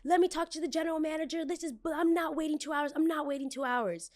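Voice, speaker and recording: A woman voicing an entitled, demanding woman customer in a retold story, high and indignant. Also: quick pace, a little mellow, natural voice. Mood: shrill demanding. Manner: shrill, indignant, much higher than her own voice.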